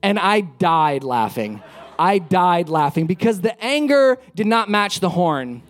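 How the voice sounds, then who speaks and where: A man's voice: high voice, sing-song, unhurried. A pastor preaching conversationally, repeating phrases for emphasis and acting out the lines of people in his stories. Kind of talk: sermon with storytelling.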